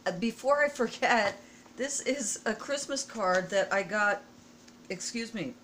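A middle-aged American woman with a hoarse throat, talking casually and emotionally to her viewers in a personal vlog, often clearing her throat. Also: mid-range voice, lively intonation, unhurried, fairly bright tone, a little hiss or hum. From USA. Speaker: vlogger.

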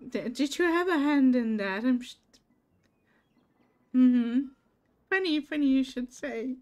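A woman's voice: high-pitched, lively intonation, takes it slowly, darkish tone. A woman streaming a game, chatting casually with her viewers by name and laughing often. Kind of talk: casual live-stream chat while gaming.

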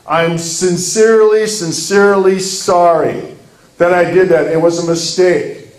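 A man's voice: sits high, fairly even intonation, unhurried, roomy sound, distant mic, low-quality recording. A man voicing a remorseful male defendant who pleads apologetically before a judge.

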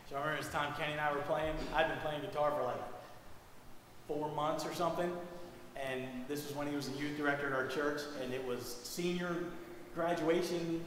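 A man's voice: fairly high pitch, fairly quick, a little hiss or hum. A man casually telling a funny story at a funeral service in a church, acting out what others said. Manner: animated, acts out quoted lines. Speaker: funeral speaker. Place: church sanctuary. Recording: very echoey church with music.

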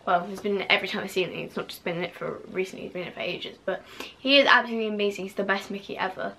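A woman's voice: mid-range voice, steady tone, racing, bright, forceful tone. A young woman vlogging casually to camera, gushing and full of fillers, now and then dropping to a whisper.

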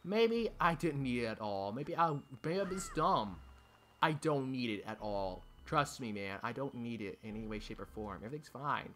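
In this let's play commentary, a young gaming channel host speaks to the game while playing, swearing and pleading in frustration. His mid-range voice has lively intonation, a moderate pace, and a slightly bright quality, with a little hiss or hum in the audio.

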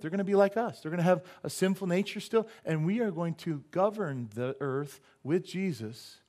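Joking pastor guy preaching in church, kinda high voice, keeps asking amen. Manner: animated, joking, asks the congregation "amen?"; does quick silly voices and sound effects. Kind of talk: sermon. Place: church sanctuary.

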